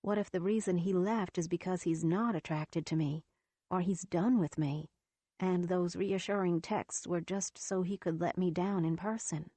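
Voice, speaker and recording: Mellow low-voiced woman narrator. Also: fairly even intonation, normal speed, dry recording. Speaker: audiobook narrator. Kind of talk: first-person romance audiobook narration.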